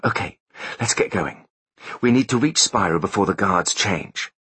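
A man's voice: low-pitched, expressive, a bit bright, slightly rough, no echo, heavily acted. A man voicing a tough, no-nonsense female captain in an audiobook. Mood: brisk. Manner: brisk, commanding. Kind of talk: audiobook character voice.

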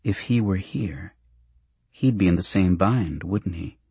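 A man voicing a terse, tough woman bodyguard in an audiobook, speaking in a clipped, quiet, matter-of-fact way. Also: low voice, measured pace, husky, dry recording, heavily acted. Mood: firm. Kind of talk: audiobook character voice.

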